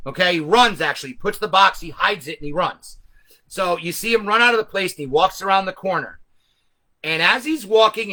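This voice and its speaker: A man's voice: high voice, bright, forceful tone. A man hosting a video, retelling a movie in a casual, rambling, profane way with frequent self-corrections. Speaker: host.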